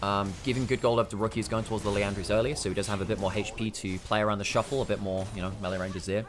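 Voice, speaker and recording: A man with an English accent calls a live esports match at a brisk clip, explaining team fights in an analytical, lightly joking way. Faint music sits underneath his voice. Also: on the low side, fairly even intonation. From England. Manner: analytical, quick, dry humour. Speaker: esports commentator. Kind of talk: live play-by-play and analysis commentary.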